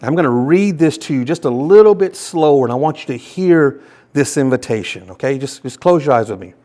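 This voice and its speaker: A man preaching a sermon as pastor, impassioned, often repeating words and restarting, and reading scripture very slowly and softly. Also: mid-range voice, expressive.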